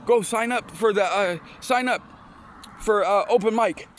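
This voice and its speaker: A man's voice: high-pitched, unhurried, a little hiss or hum. A man voicing a blunt, pushy woman friend in a retold story, brash and scolding. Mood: bossy.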